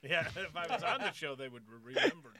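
A man's voice: on the high side, very animated, fast, a crowd in the background. A man co-hosting a comedy chat, telling light anecdotes with a laid-back, chuckling manner. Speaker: podcast co-host. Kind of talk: casual banter.

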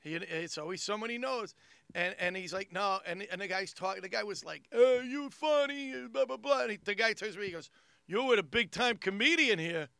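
A comedian and podcast host with a thick Long Island accent tells a story in casual conversation, animatedly acting out the people involved. His high, creaky voice moves fairly quickly, in a dry, studio-quality recording.

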